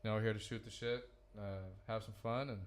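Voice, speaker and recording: A man's voice: fairly low pitch, flat delivery, fast. A man hosting a podcast in a hyped, slangy casual chat, with some swearing. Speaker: podcast host.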